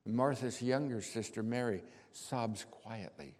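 A man preaching a dramatic first-person sermon monologue, slow storytelling that drops to hushed tones and bursts out loud. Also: mid-range voice. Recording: reverberant hall.

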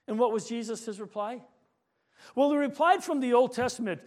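A man pastor preaching a sermon, telling stories and slowing down on key points. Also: very high-pitched. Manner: storytelling preacher, slows for emphasis, rising to shouts in anecdotes.

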